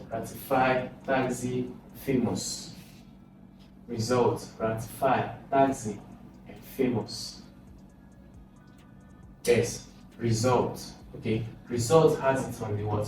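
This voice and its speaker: A man's voice: medium pitch, fairly even intonation, takes it slowly, long pauses, over music. A man, coaching students through exam questions and asking and answering his own questions. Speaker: exam prep tutor. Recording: echoey room, distant mic, noisy.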